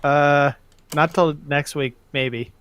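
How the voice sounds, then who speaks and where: A man dropping into a casual chat as a guest, talking in a halting, low-key way. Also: steady tone, a bit bright, smooth. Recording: noisy mic with keyboard clicks.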